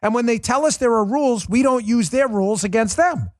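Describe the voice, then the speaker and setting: A man's voice: extremely high pitch, brisk, dry recording, clean studio sound. A man hosting a political talk show, delivering a heated, scornful monologue. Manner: combative, ranting, scornful.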